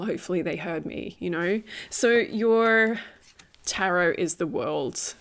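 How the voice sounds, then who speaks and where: A woman giving a casual spiritual tarot reading. She is chatty, laughs often, uses many fillers and repeats phrases for emphasis. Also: fairly low pitch. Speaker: tarot reader.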